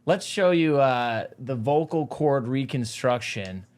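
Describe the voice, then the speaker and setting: A man's voice: mid-range voice, expressive, slow pace, a little mellow. A man hosting a talk show in a studio, chatting casually in an upbeat, hype-man manner. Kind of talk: casual chat.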